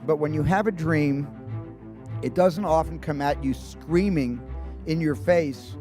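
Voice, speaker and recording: A man's voice: a little high, unhurried. A man, a film director, talking thoughtfully in an interview with stammering restarts. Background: music.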